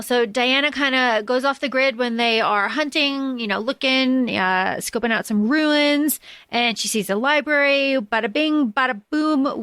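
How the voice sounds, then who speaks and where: A woman's voice: high voice, a bit bright, clear, resonant tone, no room sound. A woman co-hosting a book podcast, chatting casually with lots of fillers and the odd swear. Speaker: podcast co-host.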